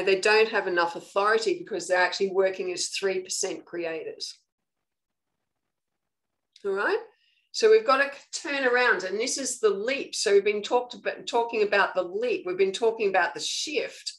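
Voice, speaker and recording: A woman with an Australian accent giving a live online spiritual lesson. She coaches earnestly and keeps checking in with her listeners with a quick "okay". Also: mid-range voice, a bit bright, rough recording. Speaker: spiritual teacher.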